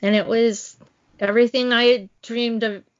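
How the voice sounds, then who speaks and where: A woman's voice: on the high side, fairly even intonation, normal speed. A woman in her forties, co-hosting a podcast and eagerly reminiscing in a casual chat. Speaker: podcast co-host. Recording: dull lo-fi recording.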